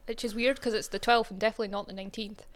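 A woman's voice: medium pitch, fairly even intonation, rapid-fire. A woman co-hosting a podcast, telling a story in casual chat and filling her talk with "like". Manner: chatty, says "like" a lot. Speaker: podcast co-host.

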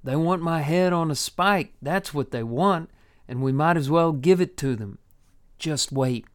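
A man voicing a big, weary outlaw with a raspy, resigned voice. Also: on the high side, a little slow, close to an everyday voice. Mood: grim.

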